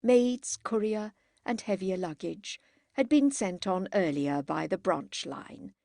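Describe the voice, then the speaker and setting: A woman reads a classic novel aloud at a slow, measured pace. Her voice ranges widely in pitch and has a gravelly edge, recorded dry and close. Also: lively intonation, mellow, no echo. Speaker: audiobook narrator. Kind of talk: scripted narration.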